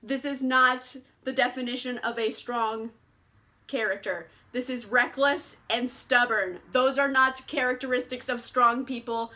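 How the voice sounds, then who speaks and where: Young woman rambling about books on her channel, high bright voice, curses a lot, laughs a bunch. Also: fairly even intonation, a little slow. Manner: chatty, swears freely, laughs often. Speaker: booktuber. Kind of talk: casual book tag vlog.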